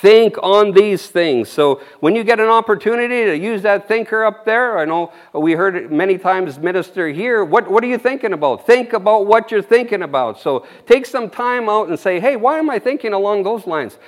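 A man's voice: high voice, animated, brisk, hardly any pauses. A man preaching an informal sermon, rambling and folksy, with frequent amens and chuckles.

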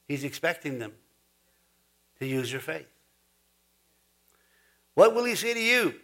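Pastor guy, kinda high voice, laughs a lot, gets loud and fired up preaching. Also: big pitch swings, unhurried. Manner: folksy, chuckling, rising to emphatic preaching. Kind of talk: sermon.

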